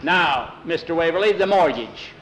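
A man's voice: fairly high pitch, animated, normal speed, a bit bright, slight background noise, poor audio. A man voicing a stern adult who defends the boys and gives firm commands.

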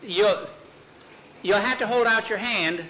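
Un hombre haciendo de Jackie, joven pretendiente tímido. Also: male voice, high-pitched, slow pace, pushed and bright, a little hiss or hum, voice pushed up, exaggerated voice, low-quality recording. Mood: nervous. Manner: stammering, hesitant. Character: earnest bashful young male suitor.

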